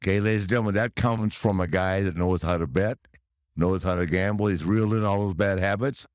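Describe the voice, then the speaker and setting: A man hosting a podcast, talking casually and breaking into showy, announcer-style hype with loud whoops. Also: low-pitched, a little fast, dry recording, clean studio sound. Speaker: podcast host.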